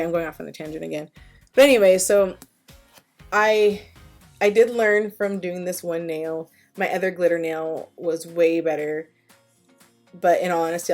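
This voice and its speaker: A woman's voice: low voice, vocal fry, darkish tone. A woman chatting casually as a beauty vlogger, rambling and self-deprecating with lots of fillers. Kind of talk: casual voice-over chat. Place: home, at her desk.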